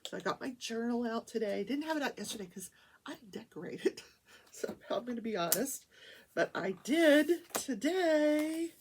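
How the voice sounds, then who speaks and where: A woman hosting a crafting talk show, chatting in a rambling, animated way from a small home studio. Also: fairly high pitch, fairly quick, slight background noise. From Wichita, Kansas, USA. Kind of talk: casual chat while crafting.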